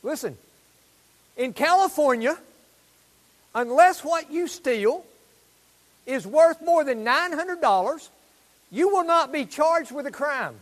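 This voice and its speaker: Brief: preacher, man, very high and lively voice, exuberant sermon, long reverb of a church hall. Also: takes it slowly, long pauses. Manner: exuberant, rising to loud proclamations. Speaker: pastor. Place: church sanctuary.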